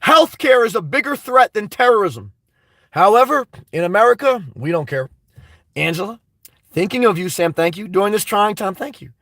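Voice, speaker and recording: High-voiced blunt man on a livestream. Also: expressive, moderate pace, fairly bright tone, dry recording, studio quality. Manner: rambling, blunt and crude, reads chat messages aloud. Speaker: livestream host reading viewer comments. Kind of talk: unscripted livestream chat.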